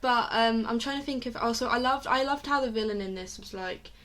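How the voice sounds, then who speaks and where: A woman's voice: a little high, brisk, fairly bright tone, slight background noise. Giggly young woman chatting on a podcast. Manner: giggly, rambling with many restarts and fillers. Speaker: podcast co-host. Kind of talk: casual chat.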